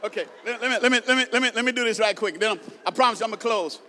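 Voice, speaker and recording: A man preaching in a big hall, his voice pitched very high and ringing bright as it rolls off long reverb. He swings from low asides into shouted emphasis and trips over rapid repeated words. Playful jabs at the audience break up the sermon. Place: large hall with a stage.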